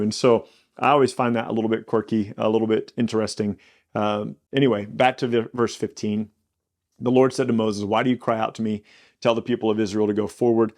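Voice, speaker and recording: A man's voice: lowish voice, level tone, a little mellow. A man hosting a Bible podcast, teaching in a casual, conversational way and briefly acting out the quoted lines. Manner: conversational, acts out God's lines with quick quirky quotes.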